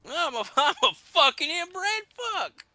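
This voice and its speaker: A squealing, excitable hillbilly neighbor in a thick put-on Midwest drawl. The voice leaps far above a normal speaking register and comes out loud, bright and sharp. Crude and drawling, it sounds like a cartoonish backwoods yokel. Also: male voice, very high voice, takes it slowly, voice pushed up, heavily acted. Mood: squealing excited. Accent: imitated thick Midwest accent.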